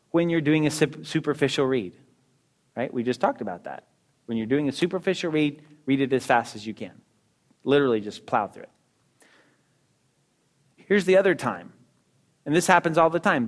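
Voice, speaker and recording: Man, middle-aged, slightly high voice, casual teaching talk, conversational, rhetorical questions. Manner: conversational, quick asides and rhetorical questions to listeners. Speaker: teacher discussing a book on reading.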